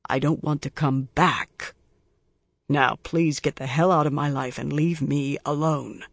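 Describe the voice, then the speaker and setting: A man voicing a withdrawn, despairing man in hiding who speaks low, quiet and slow. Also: fairly even intonation, vocal fry, dry recording. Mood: cold.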